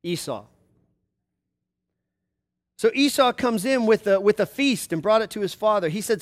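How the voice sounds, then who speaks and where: A man's voice: fairly high pitch, moderate pace. A man preaching a sermon, retelling a story with conversational, explanatory asides.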